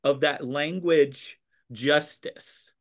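A man from the American South with a Southern accent, chatting over a video call about teaching, expressive with a little sass. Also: fairly high pitch, very slow. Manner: expressive, a bit sassy, warm storytelling. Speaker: teacher and conversation host. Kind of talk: casual video chat.

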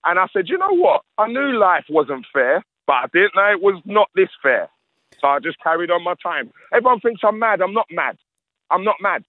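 A man's voice: high-pitched, lively intonation, normal speed, no room sound, narrow, tinny audio. A man, a radio interview guest who rants emphatically and repeats his points. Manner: ranting, emphatic, repeats himself. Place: radio studio.

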